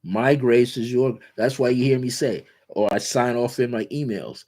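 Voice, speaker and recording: A man hosting a guided spiritual talk, speaking in repetitive, incantatory affirmations and slowing down on key words. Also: medium pitch, darkish tone. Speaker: spiritual teacher and show host.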